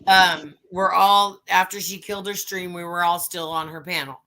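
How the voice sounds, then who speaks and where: A woman's voice: fairly low pitch, steady tone, moderate pace, pushed and bright. A woman hosting a casual livestream chat, telling rambling stories full of swearing. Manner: profane, rambling storytelling. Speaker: livestream host.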